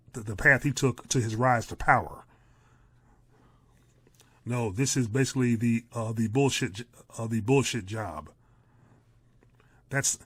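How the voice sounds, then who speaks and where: A man's voice: medium pitch, a bit bright, dry recording. A man giving blunt, profane reaction commentary as host.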